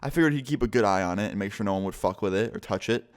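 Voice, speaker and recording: A young man with a fairly low voice tells a casual storytime vlog. He talks loosely and swears freely, and he acts out the lines of the people in his story. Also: very fast. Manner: casual and profane, with acted quotes. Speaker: vlogger.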